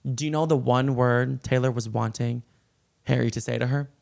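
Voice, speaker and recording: Gushing pop culture vlogger with vocal fry. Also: male voice, medium pitch, fairly even intonation, normal speed, darkish tone. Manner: breathless, gushing, reads song lyrics aloud. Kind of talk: excited celebrity gossip vlog.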